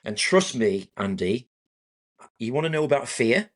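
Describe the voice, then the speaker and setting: Male guest, animated storyteller, swears freely, self-mocking, medium pitch. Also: measured pace. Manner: vivid, swearing, self-deprecating.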